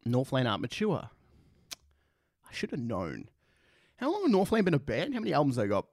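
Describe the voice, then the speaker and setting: A man's voice: mid-range voice, wildly swooping pitch, fairly quick, darkish tone, no echo, studio quality. A man giving profane, sarcastic reaction commentary. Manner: sarcastic, mocking, swears a lot.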